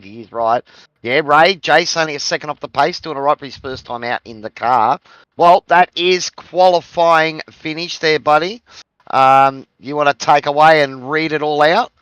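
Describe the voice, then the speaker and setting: A man's voice: medium pitch, steady tone, normal speed, a bit bright, dry recording, poor audio. An Australian man co-commentating a sim race, giving easygoing analysis.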